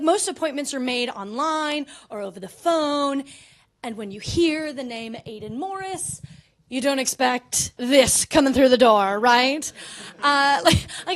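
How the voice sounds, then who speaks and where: A woman's voice: high voice, animated, normal speed, fairly bright tone. A young Canadian woman performing a chatty, self-mocking stand-up set on a comedy club stage, often tagging her lines with "right?". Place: comedy club stage before a live audience.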